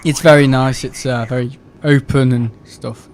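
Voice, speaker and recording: A man's voice: mid-range voice, fairly even intonation, moderate pace, darkish tone, slight background noise. A young man, chatting casually and rambling on a live stream, swearing and laughing often.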